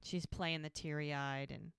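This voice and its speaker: A woman's voice: deep voice, fairly even intonation, measured pace, clear, resonant tone, no room sound, studio quality. A woman co-hosting a podcast, casually recapping a TV episode scene by scene and acting out the characters' lines. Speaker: podcast co-host.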